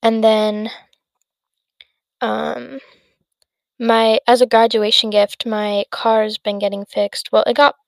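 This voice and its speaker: A woman's voice: on the high side, flat delivery, takes it slowly, gravelly, pauses often, dry recording. Rambling eighteen-year-old woman podcaster. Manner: rambling, lots of fillers and self-interruptions. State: tired, yawning. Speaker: podcast host. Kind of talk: casual solo podcast chat.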